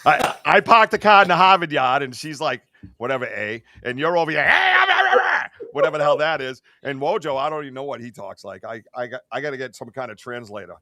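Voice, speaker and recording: A man chats on a podcast in an excitable, rambling way, full of fillers and restarts. His voice is bright and forceful. The sound is dry and close. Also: medium pitch, fast, dry recording. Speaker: podcast host. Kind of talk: casual podcast chat.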